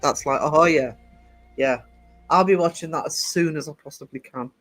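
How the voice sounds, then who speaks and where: A man hosts a livestream, answering live comments in a casual, rambling way full of ums and hesitations. His voice is on the high side and a bit bright, at a normal speed, with soft music playing in the background.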